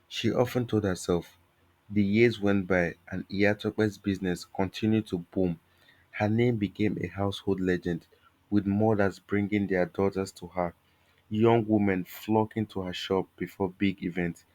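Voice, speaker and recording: A male storyteller reading a folktale aloud with steady, measured pacing. His voice sits very low and deep, and he carries the tale like a calm fireside narrator.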